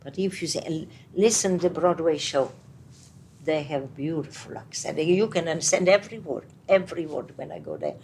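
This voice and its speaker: Older Italian woman with halting English. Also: deep voice, a little hiss or hum. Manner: animated, halting English, many restarts. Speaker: interviewee, retired opera singer. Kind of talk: casual conversational interview. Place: home apartment.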